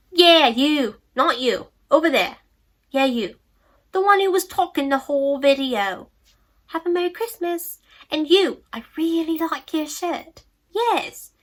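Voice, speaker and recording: A woman's voice: high-pitched, lively intonation, slow pace, long pauses, voice pushed up, exaggerated voice. A woman putting on an exaggerated English accent as a brash, sassy lady who calls out to people. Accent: put-on English. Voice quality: shouty, exaggerated.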